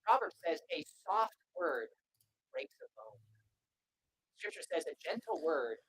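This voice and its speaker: A man's voice: a little high, measured pace, creaky, a little hiss or hum, poor audio. A man who speaks at Christian schools, giving a storytelling talk to students and acting out the quoted voices. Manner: animated, acts out quoted voices.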